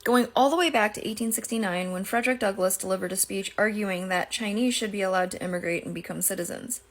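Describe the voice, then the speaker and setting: A woman speaking earnestly in a measured, prepared commentary. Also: medium pitch. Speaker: advocate speaking to camera. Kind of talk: prepared commentary with read quotation.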